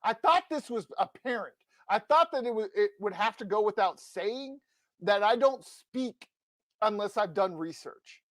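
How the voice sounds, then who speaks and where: On a sports podcast, a man co-hosting delivers a fired-up rant close to the mic, insisting combatively and emphatically. He sounds high-pitched, animated and a bit bright, keeping a measured pace on a dry recording.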